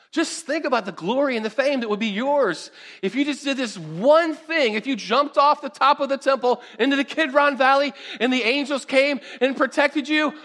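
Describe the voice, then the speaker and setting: A wheedling devil, a male tempter who coaxes and urges with theatrical push, as a preacher puts him on. The voice sits very high and gets louder and more insistent than the speaker's usual talk. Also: heavily acted.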